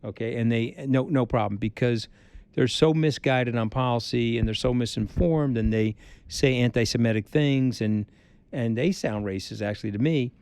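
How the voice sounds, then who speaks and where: Blunt, emphatic middle-aged man, warm tone. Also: mid-range voice, normal speed, clear, resonant tone, dry recording. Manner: blunt, emphatic, repeats points for force; animated storyteller who acts out quotes. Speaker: interview guest. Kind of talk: candid podcast conversation.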